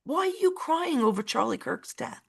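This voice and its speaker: A woman's voice: high-pitched, very animated, normal speed, gravelly, slightly rough. A woman tells a story in a casual chat. She talks emotionally and repeats herself, and her pace speeds up and then drags. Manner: emotional, repetitive, uneven pace. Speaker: co-host.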